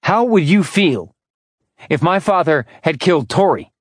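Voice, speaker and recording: Male narrator voicing a bitter, grieving immortal: higher, louder, husky, sharp. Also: sing-song, measured pace, no room sound, studio quality. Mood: angry. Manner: snarling, sharp, raised. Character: furious grieving immortal man, bitter, hot-tempered.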